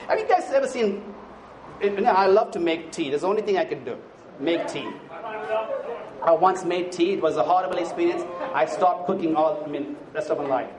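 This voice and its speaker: A man preaching a sermon to a church congregation, animated and humorous, at times shouting, and calling his listeners "bro" in a casual way. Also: on the high side, fairly quick. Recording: echoey church hall with crowd and noise. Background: congregation answering.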